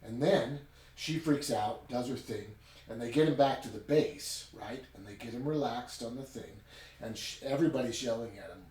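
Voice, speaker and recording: A man reviewing a book in a casual chat, retelling it in an animated way with chatty asides. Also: medium pitch, normal speed, slight background noise. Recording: roomy sound from a distant mic with faint ambience.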